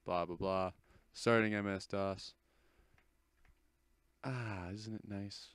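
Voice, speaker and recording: A teenage host speaks slowly in a lowish, fairly even voice that's a bit bright, clear and resonant, with no echo. He rambles casually as he comments on an install over a screen recording, often correcting himself along the way.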